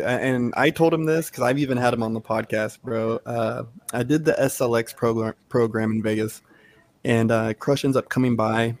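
A man's voice: mid-range voice, darkish tone. A man hosting a podcast, chatting casually and hyping up his guest in slangy talk. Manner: hyped, slangy, enthusiastic. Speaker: podcast host. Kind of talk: casual interview chat.

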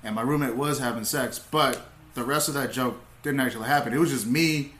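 A young man, a comedian, telling stories in laid-back casual talk, swearing freely and getting animated as he retells. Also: mid-range voice, fairly quick, echoey room. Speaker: comedian, podcast guest. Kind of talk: casual storytelling.

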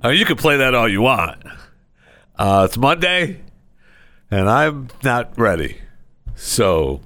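A man's voice: medium pitch, sing-song, takes it slowly, sharp tone, a little hiss or hum. A man hosting a podcast, telling rambling stories in a loose, conversational way. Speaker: podcast host. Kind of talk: casual chat.

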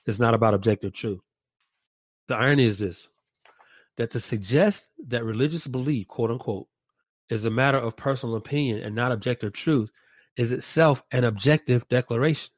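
Man, mid-range voice, thoughtful and deliberate, rephrases as he goes; dry close recording. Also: mid-range voice, dry recording. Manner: deliberate, restates and rephrases his points. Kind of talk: reflective podcast discussion.

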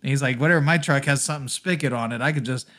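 A man's voice: mid-range voice, very fast, a bit bright. A man co-hosting a podcast, ranting profanely in casual chat and laughing often. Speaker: podcast co-host.

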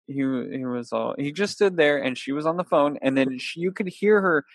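A man in casual conversation, telling a story with lively acted-out quotes and frequent laughter. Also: on the high side, moderate pace, no room sound. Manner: animated storyteller acting out quotes, laughing often. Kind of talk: casual chat.

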